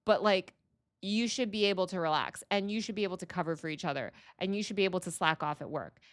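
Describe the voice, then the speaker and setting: A woman hosts a livestream and rants at her viewers. Her voice sits a little low, and she sounds exasperated, hammering each point home by saying it twice. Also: fast. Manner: heated, exasperated, repeats phrases for emphasis. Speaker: livestream host. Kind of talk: ranting livestream commentary.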